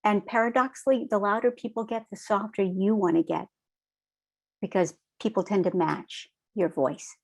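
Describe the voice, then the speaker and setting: A middle-aged woman teaching a training session in a calm, measured way, often checking in with "right?". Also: mid-range voice, gravelly. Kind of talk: recorded online training lecture.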